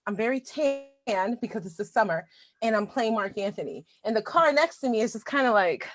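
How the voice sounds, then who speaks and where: A woman who teaches, chatting in a relaxed, reflective way. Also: fairly high pitch, moderate pace. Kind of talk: casual conversation.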